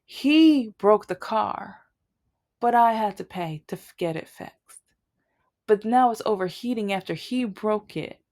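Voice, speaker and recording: A woman's voice: medium pitch, normal speed, a little mellow. A woman vlogger telling a long personal grievance story in a casual, rambling way, with many restarts.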